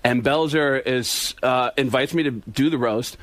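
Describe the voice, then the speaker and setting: A comedian telling a story, slipping into loud put-on voices of other people and shouting at the peaks. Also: male voice, medium pitch, measured pace, no echo. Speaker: impressionist comedian guest. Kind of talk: animated storytelling with impressions.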